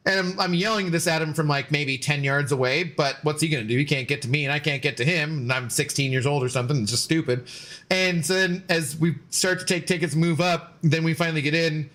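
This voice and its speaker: Bright-voiced man chatting on stream. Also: on the high side, brisk. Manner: rambling storyteller, loose with fillers and swearing. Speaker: game streamer. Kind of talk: casual live-stream chat.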